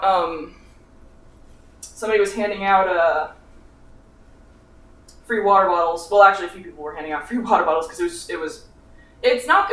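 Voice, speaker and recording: This vlogger, a man in his twenties with a high, somewhat bright voice, wanders through a laid-back cooking video in his home kitchen while sunburned, tired and sick. Swearing often, he mocks himself and breaks into laughter between lines, his voice far off and echoing around the kitchen.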